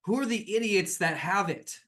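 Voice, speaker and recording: A man's voice: sits high, rapid-fire, fairly bright tone, voice pushed up. A man voicing a volatile male inventor with mechanical arms, who curses and snaps in exasperated outbursts. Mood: outraged.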